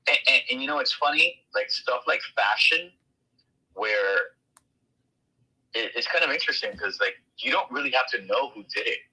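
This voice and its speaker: A man's voice: mid-range voice, lively intonation, normal speed, pushed and bright, breathy edge. A man talking casually in an online audio chat, hesitant and full of fillers, heard over a tinny line.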